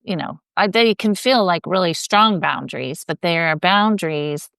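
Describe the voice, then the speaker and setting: Low-voiced woman podcast host, dry. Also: moderate pace, vocal fry, a bit bright, clean tone, no room sound. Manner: supportive, brief agreements and laughs. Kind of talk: conversational interview.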